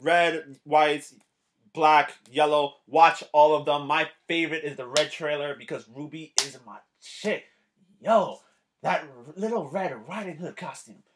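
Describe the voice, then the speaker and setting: A man ranting casually through a show review, profane and rambling, getting excitable. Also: on the high side, measured pace, a little hiss or hum.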